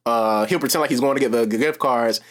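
A young man from Florida co-hosting a podcast, telling stories in an animated, profane way with acted quotes. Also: mid-range voice, fast talker. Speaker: podcast co-host. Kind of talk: casual chat.

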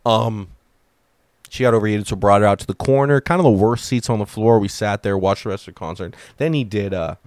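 A man's voice: fairly low pitch, fairly quick, darkish tone, no echo, clean studio sound. A man in his thirties, a stand-up comedian hosting a podcast, telling rambling, self-deprecating stories in a loose, casual way. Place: home.

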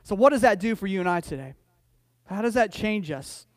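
A middle-aged pastor preaches a sermon in a conversational, storytelling style, his high voice lively in intonation and brisk in pace. He stumbles over frequent restarts and repeated words while building to emphatic declarations, with no room sound audible.

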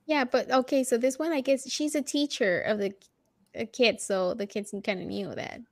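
A woman's voice: fairly high pitch, fairly even intonation, moderate pace, dry recording. A woman co-hosting a casual comic book podcast, chatty and giggly. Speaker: podcast co-host. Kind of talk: casual chat about comic books.

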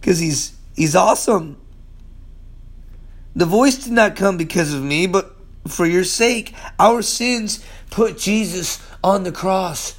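High-voiced man preaching with emphatic swings. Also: slow pace. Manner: emphatic preaching, swings from loud calls to low murmurs; streetwise, calls listeners "man". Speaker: pastor. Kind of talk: sermon.

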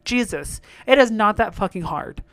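A man's voice: sits high, animated, normal speed, fairly bright tone, dry recording. A young man hosting his own show, talking in a blunt, profane, exasperated rant. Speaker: solo podcast host. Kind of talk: casual rant monologue.

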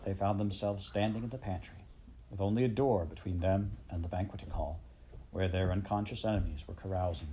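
Male audiobook narrator; low-pitched, measured, expressive reading. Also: slight background noise.

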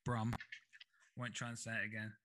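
A man hosting a podcast, easygoing and chatty at a middling pitch. He talks through his points loosely and keeps checking that his guest is with him. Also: fairly even intonation, fairly quick, sharp tone, low-quality recording. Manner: laid-back, chatty, asks for agreement. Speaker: podcast host. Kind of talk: casual chat.

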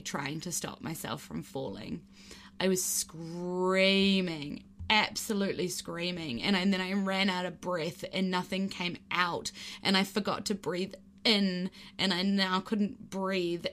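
A woman's voice: on the low side, a bit bright. A woman casually recounting a personal story, chatty and full of "like" and "um". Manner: chatty, peppered with "like" and "um".

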